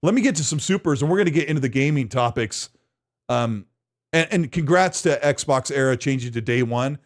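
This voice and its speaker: A man's voice: mid-range voice, a little fast. A man hosting a gaming news podcast, chatting casually and joking, often laughing. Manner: animated, jokey, laughs often. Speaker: podcast host.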